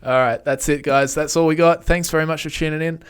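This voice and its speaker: A man's voice: on the high side, fairly even intonation, brisk, smooth. Young man with a strained voice. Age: young adult. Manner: chatty, jokey, lots of fillers. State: unwell, strained voice. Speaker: podcast co-host. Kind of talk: casual podcast chat.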